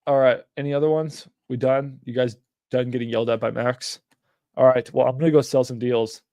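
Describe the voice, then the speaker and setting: A man's voice: medium pitch, steady tone, brisk, dark tone, no echo, clean studio sound. A young man hosting a casual livestream, talking bluntly and animatedly, with frequent swearing. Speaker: livestream host.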